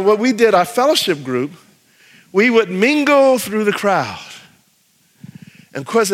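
A man's voice: mid-range voice, fairly bright tone. A man preaching a sermon as pastor, telling a story animatedly and acting out the voices of the people in it, with long hall reverb.

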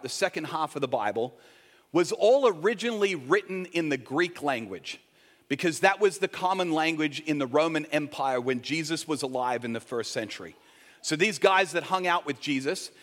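Man, pastor, sermon, fairly high voice, conversational teaching, long reverb of a church hall. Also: a bit bright. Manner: conversational, teaching, jokes with the congregation. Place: church sanctuary.

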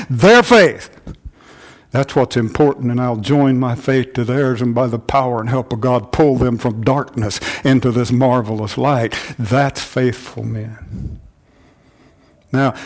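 An older man preaching a sermon to his church, repeating phrases and rising in fervor as he drives each point home. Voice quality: grows louder and higher when stirred. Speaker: pastor.

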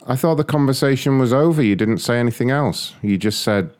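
A man's voice: mid-range voice, fairly quick, a little mellow. A young man making prank phone calls, laughing a lot and talking crudely with a mocking manner. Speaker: prank caller. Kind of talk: prank phone call, casual commentary.

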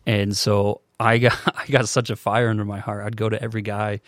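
An earnest young man in his twenties tells his story as a podcast guest. He speaks in a low, flat voice that keeps to a narrow range. He often stops and restarts, and the sound is dry and close. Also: no room sound. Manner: earnest, halting, many restarts. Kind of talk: casual storytelling.

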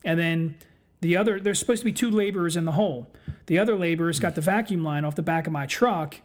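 Guest, male, higher-pitched voice than most men, swears constantly, tells stories in quick excited bursts. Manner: profane, excitable storytelling. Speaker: guest telling work stories. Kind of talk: casual podcast chat.

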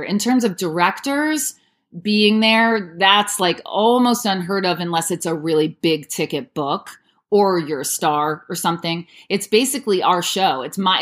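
A woman in her thirties, an audiobook narrator and voice actor with a fairly low voice, answers casual interview questions about her narration work. She's relaxed and chatty, with lots of "like" fillers, light asides, and light laughs.

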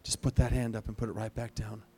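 A pastor leading an altar call during a church service, speaking earnestly with pleading, repeated phrases. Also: male voice, lowish voice, little pitch movement, fast, dark tone, husky.

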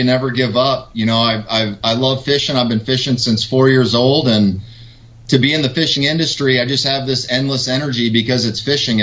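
Guy on a video call, mid pitch voice, earnest, lots of um and you know, muffled sound. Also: fairly bright tone. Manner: earnest, halting, with many fillers. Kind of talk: casual interview talk. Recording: dull video call audio.

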